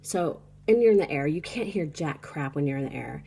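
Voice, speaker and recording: A woman's voice: sits low, expressive, fairly quick, gravelly, dark tone, breathy edge. A tired American woman chatting casually on her phone in a small apartment, rambling through a story with lots of "like" and "you know.". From United States. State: tired, sleep deprived. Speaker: vlogger. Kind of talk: casual travel vlog chat.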